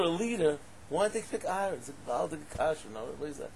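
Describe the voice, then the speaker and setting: Animated man teaching a Torah class. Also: on the high side, fast, gravelly, few pauses, a little hiss or hum. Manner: animated, rhetorical questions, bursts into loud exclamations. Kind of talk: lively Torah class lecture.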